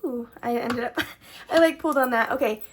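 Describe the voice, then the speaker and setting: High-voiced chatty woman vlogger. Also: normal speed, a little hiss or hum. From Texas. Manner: chatty, filler-heavy, upward-trailing sentence endings. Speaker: budgeting vlogger. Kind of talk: casual savings challenge vlog.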